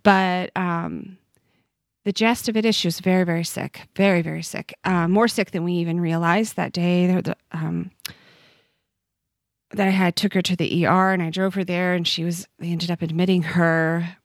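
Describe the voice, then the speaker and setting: A lowish, fairly evenly intoned voice at a moderate pace belongs to a woman in her forties appearing as a podcast guest. She shares a personal story earnestly and with feeling, often pausing and starting anew. Studio-quality recording, no room sound.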